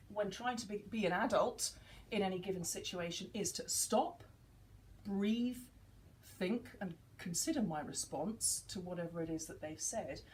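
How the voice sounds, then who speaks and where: A woman in her forties explains a concept in a relaxed, conversational way. Her pitch rises and falls a lot as she slips into quoted dialogue. A faint noise sits under the recording. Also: low-quality recording. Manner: animated, acts out dialogue in quotes. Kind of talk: casual teaching talk.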